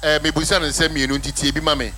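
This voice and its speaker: A Ghanaian man hosts a radio talk show from the studio. His voice sits high and bright. He talks in an animated, playful way and slips freely between languages. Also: fast talker. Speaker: radio host.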